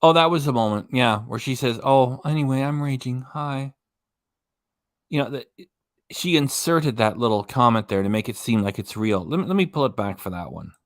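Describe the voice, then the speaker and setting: A man's voice: medium pitch, lively intonation, brisk, hardly any pauses, no echo, studio quality. A man hosting a reaction channel, giving rambling, mocking casual commentary on a clip. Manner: mocking, rambling, loses his train of thought.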